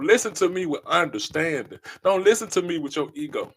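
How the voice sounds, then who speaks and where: A man's voice: on the high side, lively intonation, fairly quick, husky. A man hosting a podcast, delivering a passionate monologue in an emphatic, preachy way and repeating his key phrases. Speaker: podcast host.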